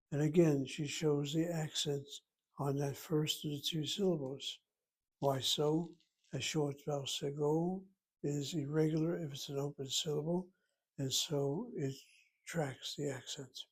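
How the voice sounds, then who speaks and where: A man teaching a Hebrew lesson, explaining slowly and carefully and sounding out words. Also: a little high, steady tone, darkish tone, slightly rough. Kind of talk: slow classroom lesson.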